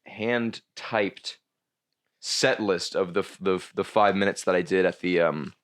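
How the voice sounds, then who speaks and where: A man's voice: low voice, unhurried, fairly bright tone. A man, a comedian, telling a long story on a podcast in a rambling, casual way, with many restarts and frequent swearing. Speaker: comedian guest.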